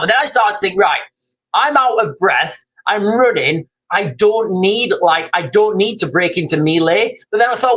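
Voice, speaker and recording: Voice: mid-range voice, expressive, moderate pace, fairly bright tone, poor audio. Rambling streamer, loose live chat with the audience, keeps saying "guys". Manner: rambling, repeatedly addressing viewers as guys. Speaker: livestreamer reading chat.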